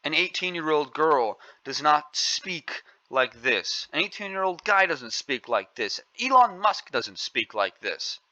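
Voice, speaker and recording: A man's voice: fairly high pitch, sing-song, unhurried, hardly any pauses, sharp tone, no room sound, dull audio. A man hosting an angry opinion commentary, scolding and indignant, repeating his points. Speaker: commentary channel host.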